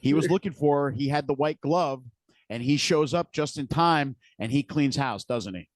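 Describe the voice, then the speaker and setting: A man's voice: a little high, moderate pace, no room sound. A man co-hosting a podcast, retelling scenes from a TV episode in a casual, detailed way. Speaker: podcast co-host. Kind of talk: casual recap chat.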